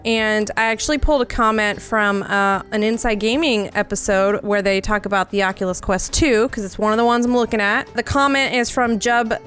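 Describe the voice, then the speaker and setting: A woman with a somewhat high voice chats on a comedy panel, rambling in a relaxed, conversational way. Faint music plays under her. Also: a little fast, hardly any pauses. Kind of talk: casual chat.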